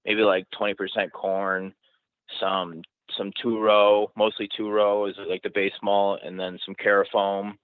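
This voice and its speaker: Podcast host: relaxed self-deprecating male, fairly low voice, thin phone-line audio. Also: measured pace, smooth, no room sound. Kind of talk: casual conversation.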